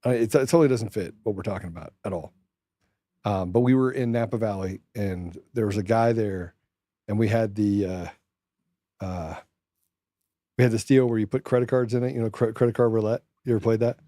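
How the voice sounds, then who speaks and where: A man's voice: on the low side, fairly even intonation, a little fast, mellow, dry recording, clean studio sound. A man co-hosting a casual political chat show, joking around, putting on silly accents and telling rambling anecdotes. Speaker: co-host.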